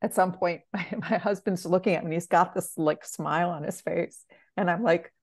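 A woman's voice: fairly low pitch, moderate pace, no echo. Amused woman telling a funny anecdote, dry sound. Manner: amused, enthusiastic storyteller. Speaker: award-winning author. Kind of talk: casual anecdote on a video call.

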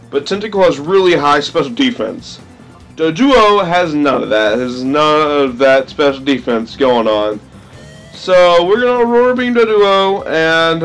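An excitable man commentates on a game, his high voice leaping wildly up and down. He is goofy and makes silly sound effects, while faint game music plays underneath. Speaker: let's play host.

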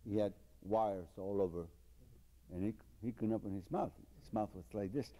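A comedian telling a string of jokes in a lively, storytelling way, chuckling at his own punchlines. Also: lowish voice, normal speed. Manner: animated, repetitive storytelling with chuckles. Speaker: stand-up comedian. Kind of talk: joke telling.

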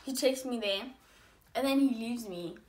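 A young woman vlogger telling a storytime tale in a casual, animated way, acting out her own lines. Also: a little high, moderate pace, roomy sound, a little hiss or hum. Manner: animated, acts out dialogue with big swings in loudness.

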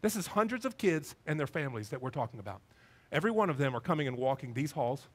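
A man's voice: a little high, quick pace, slightly rough. A man, a pastor preaching a sermon in a church and acting out the people in his stories. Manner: animated storytelling, acting out voices. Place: church sanctuary.

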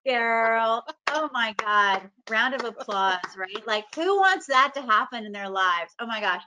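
A woman's voice: fairly high pitch, lively intonation, unhurried, noisy background. A woman hosting a video call, reacting with gushing enthusiasm and moderating questions. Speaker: summit host. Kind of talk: casual chat on a video call.

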